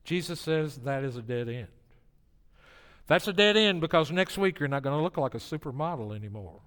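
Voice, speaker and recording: A man preaching a sermon, swinging between hushed, solemn passages and emphatic, lively ones. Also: a little high, fairly quick. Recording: long reverb of a large hall.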